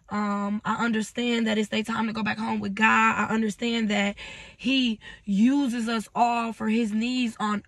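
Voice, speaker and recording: A woman vlogger talking through tears in an emotional personal vlog. She speaks haltingly, breaks off mid-sentence and drops to near-whispers. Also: fairly high pitch, gravelly, no room sound. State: tearful.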